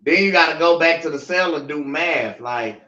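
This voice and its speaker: Man, casual chat, slightly high voice, joking interjections, muffled recording. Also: normal speed, pushed and bright. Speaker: podcast co-host. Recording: dull lo-fi recording.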